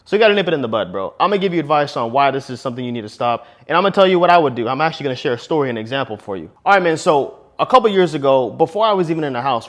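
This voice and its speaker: A young man, a married relationship vlogger, giving casual advice and telling a story, slangy and punchy, dropping bro and man. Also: mid-range voice.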